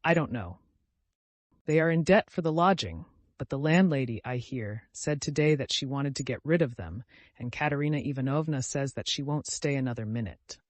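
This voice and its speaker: A man's voice: mid-range voice, expressive, normal speed, dry recording, lightly acted. A man voicing a timid, devout young woman who speaks in an earnest, pleading, distressed way.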